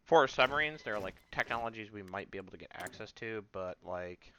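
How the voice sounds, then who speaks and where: A man's voice: lowish voice, expressive, a little fast, fairly bright tone, a little hiss or hum. A man with a put-on British accent giving casual, wry gameplay commentary as a let's play host, muttering offhand asides to himself.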